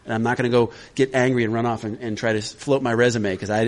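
A man leading a recovery workshop in an easygoing, conversational way. His voice sits at an ordinary middle pitch, and he keeps checking in with his listeners as he talks. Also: fairly even intonation, quick pace. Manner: conversational, checks in with "all right?". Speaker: workshop leader.

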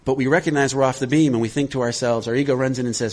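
A man's voice: medium pitch, steady tone, very fast, darkish tone. A man leading a recovery workshop, speaking conversationally and checking in often with his listeners. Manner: conversational, checks in with "all right?". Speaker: workshop leader.

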